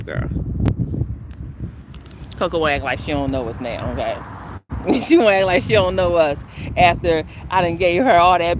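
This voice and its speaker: Woman, chatty spiritual vlogger, animated, filmed on a phone outdoors with faint traffic. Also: fairly low pitch. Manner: chatty, animated, addresses viewers as y'all. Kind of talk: casual spiritual vlog talk.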